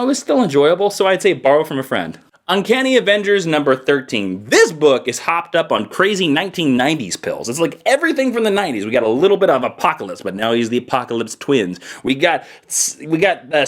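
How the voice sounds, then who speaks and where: A man hosting a casual comic book review, energetic and jokey. His voice sits a little high for a man and swings widely in pitch. He piles on enthusiasm with a playful edge. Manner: energetic, joking, exaggerated enthusiasm.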